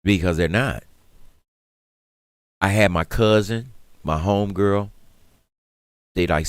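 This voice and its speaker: Detroit radio co-host, low voice, dry close mic, animated slangy rant. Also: male voice, unhurried, long pauses, no echo. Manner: animated, rising to loud emphatic rants; streetwise slang, laughs through hard talk. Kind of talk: casual talk radio monologue.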